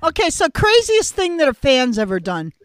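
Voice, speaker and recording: A high-voiced woman co-host with a very lively, swooping voice. Her sound is dry and close. She chats casually and drops in bubbly, giggly remarks. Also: moderate pace, no room sound. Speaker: podcast co-host. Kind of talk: casual chat.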